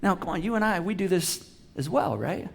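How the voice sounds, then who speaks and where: High-voiced man preaching casually. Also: lively intonation, fairly quick, vocal fry. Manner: conversational preaching with many restarts, acting out quoted voices. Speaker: pastor. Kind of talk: sermon. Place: church auditorium with a live congregation.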